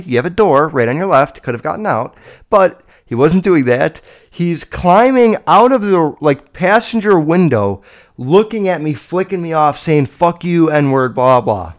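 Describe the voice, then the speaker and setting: 20-something guy rambling and swearing thru a podcast story, kinda high voice. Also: normal speed. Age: 20s. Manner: rambling, profane, animated storytelling. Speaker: podcast host. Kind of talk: casual solo podcast storytelling.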